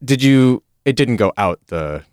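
A man on a comedy podcast telling a childhood story in a wry, deadpan way. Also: medium pitch, a little slow, smooth, no room sound, studio quality. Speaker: contestant.

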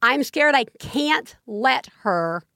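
Woman, podcast co-host, gravelly fry, raised pitch, dry close mic, animated storytelling. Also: takes it slowly, no echo. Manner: animated storytelling, voice jumps high when exasperated. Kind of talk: casual chat.

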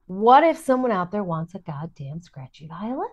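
A woman voice actor guest on a casual podcast, with a scratchy, husky voice, telling stories and acting out the people she quotes. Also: mid-range voice, very animated, moderate pace, darkish tone, lo-fi sound.

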